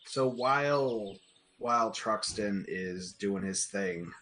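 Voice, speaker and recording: A man's voice: lowish voice, takes it slowly. A man narrating as game master in a casual, loosely improvised way, full of fillers, with faint noise behind.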